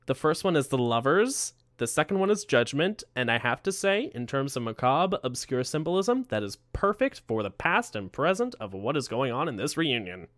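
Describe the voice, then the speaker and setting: A man's voice: mid-range voice, very animated, normal speed, hardly any pauses, a bit bright, dry recording, studio quality. A man co-hosting a podcast in casual chat, wry and fond of explaining details. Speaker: podcast co-host.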